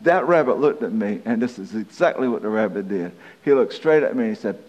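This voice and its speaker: A man's voice: on the low side, lively intonation, brisk, darkish tone. A man preaching a sermon, telling a folksy, self-deprecating story and chuckling through it. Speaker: pastor. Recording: dull reverberant hall recording.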